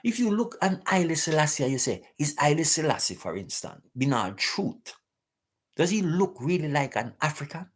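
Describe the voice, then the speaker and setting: A man's voice: fairly high pitch, sing-song, normal speed, breathy edge. A man hosting a live talk stream, preaching emphatically and repeating rhetorical questions to his listeners.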